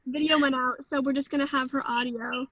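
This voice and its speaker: A young woman briskly organizing friends over a video call. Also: high-pitched, fairly even intonation, fairly bright tone, no room sound, poor audio.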